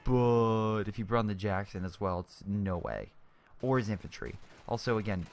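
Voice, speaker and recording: A man's voice: fairly low pitch, expressive, moderate pace. A young man giving casual commentary over a strategy game replay, chatty and exclamatory, often restarting his sentences.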